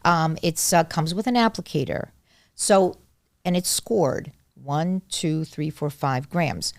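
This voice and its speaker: Low-voiced, emphatic woman doctor. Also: slow, creaky, no echo, studio quality. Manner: emphatic, repeats key points. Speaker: gynecologist guest. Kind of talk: casual medical conversation.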